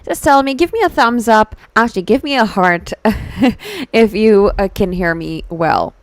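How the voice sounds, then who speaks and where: A woman's voice: mid-range voice, moderate pace. A woman VTuber chatting with her live-stream viewers, giggling, answering chat messages playfully and switching between English and Hindi.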